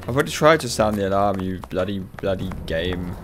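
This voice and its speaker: Exasperated sweary gamer. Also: male voice, sits low, animated, brisk, soft background music. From United Kingdom. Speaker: let's play gamer. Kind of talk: gameplay commentary.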